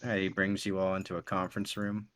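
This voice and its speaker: A deep-voiced man runs a tabletop game as game master, narrating scenes in a calm, descriptive way. His voice sits low and steady. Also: quick pace, a little hiss or hum.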